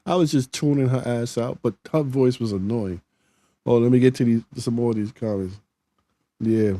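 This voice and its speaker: A middle-aged man hosts a casual live stream, reading out viewer comments in a plain, conversational way and often restarting. His voice sits in the mid-range, mellow, at a moderate pace.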